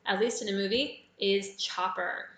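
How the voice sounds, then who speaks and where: Bright-voiced woman hosting a quiz. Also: medium pitch, fairly even intonation, moderate pace. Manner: chatty, explains answers with personal asides. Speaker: quiz host. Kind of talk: casual live quiz answer run-through. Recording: echoey room.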